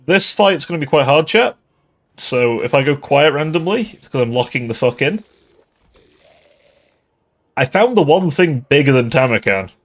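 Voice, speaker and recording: A man's voice: mid-range voice, expressive, normal speed, pauses often. A tipsy man giving casual livestream commentary on a strategy game, swearing often and laughing between remarks. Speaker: game streamer.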